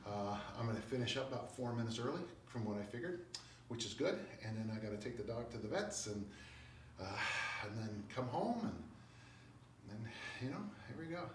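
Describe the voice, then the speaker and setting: An older strength coach in casual vlog talk, blunt and wry, rambling through asides between lifts. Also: male voice, medium pitch, big pitch swings, fairly quick, slight background noise. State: out of breath. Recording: echoey room, mic at a distance.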